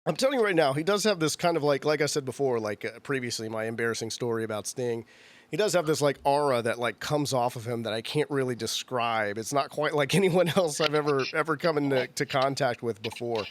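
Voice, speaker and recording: Animated man telling a story. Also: mid-range voice, brisk, slight background noise. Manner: animated storyteller, acts out quoted voices, laughs often. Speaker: podcast host. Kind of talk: casual podcast chat.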